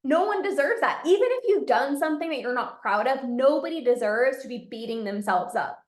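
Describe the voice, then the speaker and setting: A woman with a high voice talks earnestly and casually, coaching the listener with plenty of "like" and "right?". Her voice carries a noticeable echo from the room around her. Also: lively intonation, a little fast. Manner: earnest, conversational, many "like" and "right?" fillers. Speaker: binge eating coach. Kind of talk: casual direct-to-camera advice.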